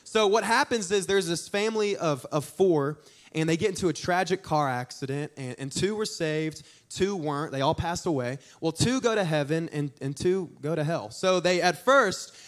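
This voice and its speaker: A young man preaching a sermon, telling stories in an animated, joking way with asides to the congregation. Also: on the high side, normal speed. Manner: animated, jokey storytelling with audience asides. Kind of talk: storytelling sermon.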